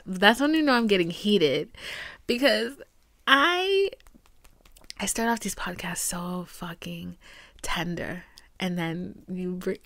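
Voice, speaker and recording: A woman's voice: medium pitch, no room sound. Blunt, profane young woman venting. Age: 20s. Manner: blunt, profane, emphatic, dips into hushed asides. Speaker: podcast host. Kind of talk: candid personal monologue.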